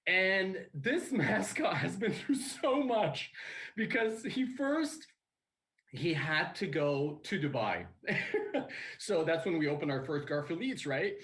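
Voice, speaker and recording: A man addressing fans in a promotional video, rambling and excitable, stumbling over fillers and restarts. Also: a little high, takes it slowly. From Canada. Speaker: restaurant founder in a played video.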